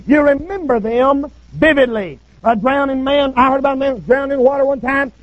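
A preacher telling folksy, humorous stories in a sermon. His voice is very high and sits on a dull, lo-fi recording.

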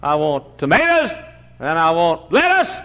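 An older man preaching a sermon in a church, telling stories and swinging from booming shouts to low, quiet asides. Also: wildly swooping pitch, measured pace. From Texas. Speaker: pastor. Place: church sanctuary. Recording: dull lo-fi recording.

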